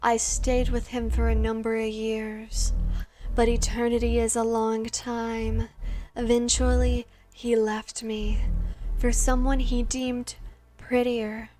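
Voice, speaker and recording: A woman's voice: fairly high pitch, completely flat delivery, dark tone, faint music behind, voice pushed down. A woman voicing a lonely, formal vampire ghost. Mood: wistful. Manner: formal, measured, melancholy.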